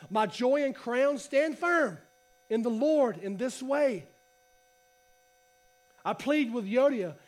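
A man preaching a casual sermon to a congregation, reading scripture and talking in a conversational, animated way. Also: very high-pitched. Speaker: pastor. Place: church hall.

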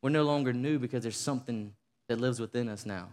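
A man preaching a sermon to a congregation, rising to fervent shouting and leading call-and-response. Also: mid-range voice, fast talker. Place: church sanctuary. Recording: long reverb of a large hall.

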